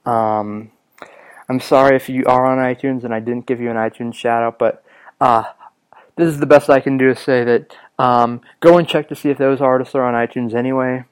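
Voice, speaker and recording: Young male podcast host, raspy from coughing, smooth underneath, rambling and casual. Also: mid-range voice, steady tone, brisk. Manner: rambling, many ums and restarts. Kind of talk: casual solo podcast talk.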